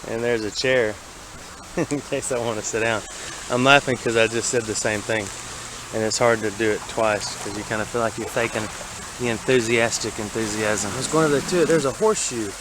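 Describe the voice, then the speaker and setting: Southern man, casual creek-walk narrator, rambling and folksy, clear water noise behind. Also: medium pitch. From Alabama. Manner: rambling, folksy, thinks aloud about his finds. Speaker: vlogger exploring a creek. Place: outdoors wading in a city creek. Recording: outdoor camera audio with running water.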